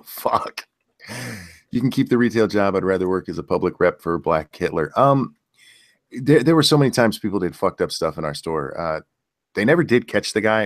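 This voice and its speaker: A man with a very deep, low voice hosts a casual live stream. He reads out viewer questions and answers in blunt, profane rants. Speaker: stream host.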